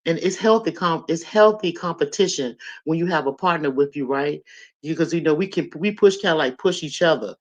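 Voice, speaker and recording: A woman in her 60s hosts a live stream, speaking casually and directly to her viewers. She's animated and laughs often, with a deep voice and a slightly fast pace.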